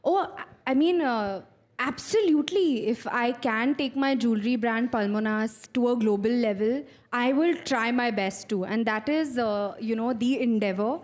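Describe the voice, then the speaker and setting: A woman's voice: fairly high pitch, normal speed, a little mellow. A woman with an Indian English accent, a guest in a live on-stage interview, chatting with many fillers in front of an audience. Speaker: actress and guest.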